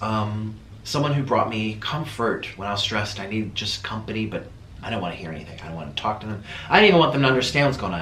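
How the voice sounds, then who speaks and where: A man talking straight to camera in a casual vlog, tearful and halting, with many pauses and fillers. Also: on the low side, fairly bright tone, echoey room, a little hiss or hum. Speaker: vlogger. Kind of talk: emotional casual vlog talk.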